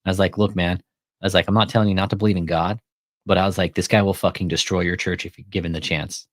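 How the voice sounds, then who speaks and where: A man with a fairly low voice chatting casually as a commentary host, recorded dry and close. He swears often and tells his story by acting out both sides of a phone call. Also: little pitch movement, fast talker, no room sound. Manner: profane, retells phone calls with quoted dialogue.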